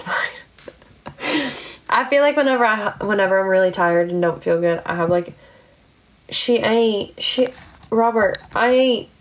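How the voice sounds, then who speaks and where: A young woman chats on a phone livestream while sick and worn out. She rambles warmly to her viewers, trailing off into fillers, at a middling pitch with a faint hiss behind her. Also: vocal fry. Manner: chatty, warm thanks to viewers, trailing off into fillers. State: sick and tired. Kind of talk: casual livestream chat greeting viewers.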